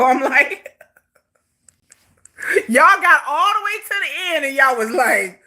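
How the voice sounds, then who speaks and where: Bubbly high-voiced woman livestreamer. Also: a little slow, pauses often. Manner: animated, laughs often, playful gossiping. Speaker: livestream host. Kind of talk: casual storytelling chat.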